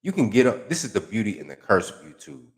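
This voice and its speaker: Man, lowish voice, profane, sarcastic, animated, slang, reaction commentary. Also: quick pace. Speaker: YouTube commentator.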